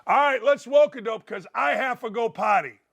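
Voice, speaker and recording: A middle-aged sports talk show host rambles excitably about betting, breaking into loud shouts. His voice is very high-pitched and creaky, at normal speed.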